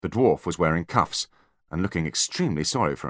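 A man narrating an audiobook in measured storytelling. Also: sits low, animated, no room sound, clean studio sound. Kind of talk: scripted narration.

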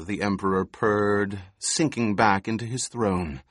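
Male narrator, measured and expressive, slow delivery, dry sound. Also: lowish voice, no echo. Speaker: audiobook narrator. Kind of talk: scripted narration.

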